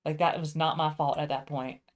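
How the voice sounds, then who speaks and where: A woman's voice: sits low, steady tone, fairly quick. A woman venting in a casual, profane monologue, rambling with many fillers and restarts. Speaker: vlogger.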